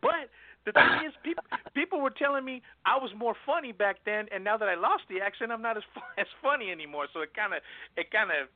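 A high-voiced man hosts a radio show at a quick clip and laughs often. His voice sounds dry and tinny, like a phone line. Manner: fast, excitable, laughs often. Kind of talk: casual radio chat.

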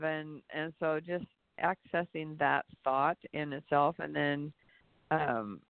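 A man co-hosts a reflective spiritual talk-show podcast, rambling as he searches for his words. His voice is on the high side with vocal fry, clean with no room sound, though it carries a tinny phone-line quality.

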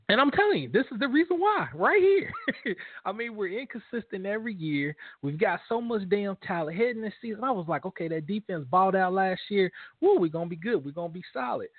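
A high-voiced man rants on a sports talk show, fired-up and blunt. The sound is thin and phone-like, and the room is dry. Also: no echo. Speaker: co-host.

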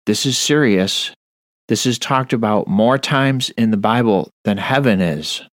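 A man's voice: fairly low pitch, a little slow, fairly bright tone, no echo, studio quality. A man preaching a Bible study on a radio show, earnest and stern, reading scripture aloud. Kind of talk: sermon-style Bible study.

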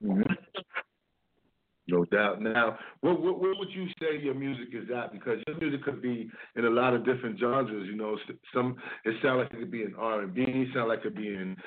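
A man hosting a radio interview show, speaking. He rolls through energetic DJ patter and repeats his catchphrases. His voice sits at an ordinary middle pitch and comes through a narrow, phone-like line. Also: moderate pace. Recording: tinny phone-like sound.

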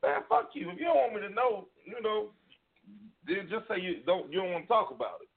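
Gravelly, animated man telling a rambling story. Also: high voice, brisk. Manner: rambling and profane, with many restarts. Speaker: radio show host. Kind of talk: casual storytelling chat. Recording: tinny phone-like sound.

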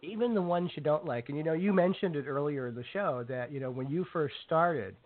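A show host talks loosely in a casual podcast conversation, saying "you know" often and leaning on fillers. His voice is a little high and fairly quick, and the recording has a dry, tinny phone-line sound.

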